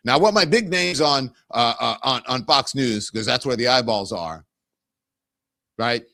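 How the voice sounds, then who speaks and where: A man's voice: medium pitch, animated, moderate pace, creaky, sharp tone, no room sound, clean studio sound. A middle-aged man from the Southern US hosting casual political commentary, rambling and conversational, with many restarts. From Southern United States. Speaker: host.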